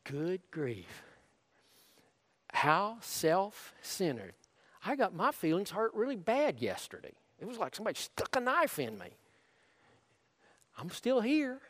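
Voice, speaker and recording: A man's voice: high voice, huge pitch swings, moderate pace, a bit bright. A man preaching a sermon as pastor, earnest and conversational, with frequent restarts. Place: church sanctuary. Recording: long hall reverb.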